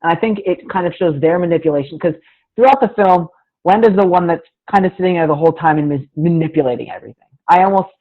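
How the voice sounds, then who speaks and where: A man's voice: a little high, quick pace. A man co-hosting a casual film-discussion podcast, speaking in a thoughtful, hesitant way with frequent restarts. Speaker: podcast co-host. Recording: tinny phone-like call line.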